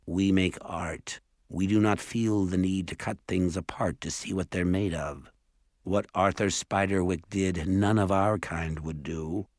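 A man voicing a stern, solemn male elf in a storybook reading, speaking slowly and gravely. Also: sits low, fairly even intonation, a little mellow, no room sound, clean studio sound. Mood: disdainful. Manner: slow, grave and accusing. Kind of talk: audiobook character voice.

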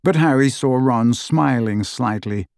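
A man narrating an audiobook in an expressive, varied reading. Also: medium pitch, measured pace, gravelly, no echo, studio quality. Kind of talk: scripted narration.

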